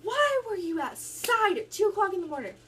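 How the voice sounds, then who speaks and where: Young woman doing a shrill, scolding mother, very high-pitched. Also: sing-song, brisk, fairly bright tone, a little hiss or hum, full character voice. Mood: angry. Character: angry strict mother scolding late at night.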